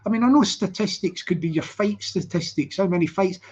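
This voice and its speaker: A man's voice: high-pitched, fairly quick, a little mellow, slightly rough. A man hosting a casual live stream, rambling and repeating words as he restarts his sentences. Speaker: channel host. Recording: slightly dull lo-fi audio.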